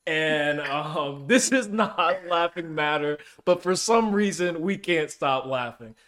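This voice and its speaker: A man hosting a casual panel chat, laid-back and drawn-out, laughing often as he leads the topic. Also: on the high side, lively intonation, a bit bright. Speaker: podcast host.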